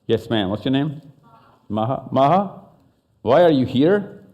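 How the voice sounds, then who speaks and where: Fast-talking Pakistani man on stage. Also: medium pitch, expressive, darkish tone, dull audio. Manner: fast, interactive, switches between English and Urdu. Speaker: speaker at a live talk. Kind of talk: lively live talk with audience questions. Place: stage in a large hall.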